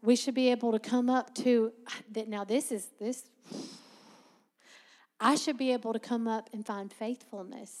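High-voiced woman preaching in a reverberant hall. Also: normal speed, long pauses. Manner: lively, laughing asides, teaching tone. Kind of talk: sermon.

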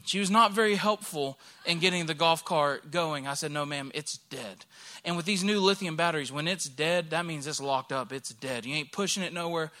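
Preaching through a vivid personal anecdote, a thirty-something Alabama pastor performs the voices of those he quotes. He sounds a little high and a little fast, with hardly any pauses.

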